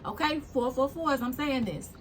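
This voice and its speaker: Blunt high-voiced woman tarot reader. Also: moderate pace, a little hiss or hum. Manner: blunt, preachy, swears freely. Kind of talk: casual spiritual tarot reading.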